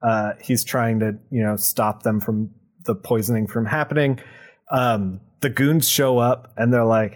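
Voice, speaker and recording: A young man recapping a comic book on a podcast, animated and sarcastic, laughing often. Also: mid-range voice, a little slow. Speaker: podcast co-host.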